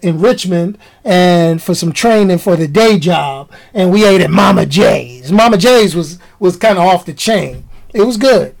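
Emphatic woman vlogger, slangy, repeats herself for punch, mid-pitched casual rant. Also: poor audio. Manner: emphatic, repeats key lines, slangy and animated.

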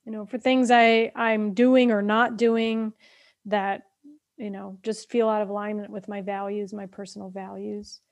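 A woman's voice: mid-range voice, little pitch movement. A woman coach co-hosting a casual podcast chat, thoughtful and affirming, recorded on a close mic. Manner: thoughtful, affirming, quick to agree.

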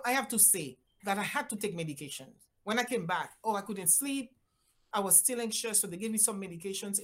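An older woman from Haiti, a physician guest telling a personal story with lively voiced-out quotes and big swings in pitch. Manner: animated, acts out voices with big pitch jumps.

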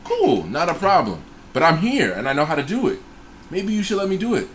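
A man with a slightly high voice talks fairly quickly over light background noise. He's casually recounting a personal story in a group chat, cursing freely and doing the voices of the people involved in an animated, profane retelling.

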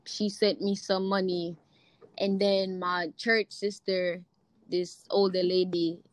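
A young woman with a Jamaican accent telling a faith testimony in an animated way, acting out the voices in her story and laughing easily. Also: fairly low pitch, takes it slowly, no room sound, low-quality recording. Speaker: guest sharing a testimony.

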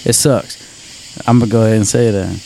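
A man's voice: fairly low pitch, fairly even intonation, fairly quick, mellow, a little hiss or hum, poor audio. A man with a Central Louisiana drawl, talking casually and emphatically, swearing freely and rambling as he makes his point. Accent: Central Louisiana Southern drawl. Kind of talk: casual chat.

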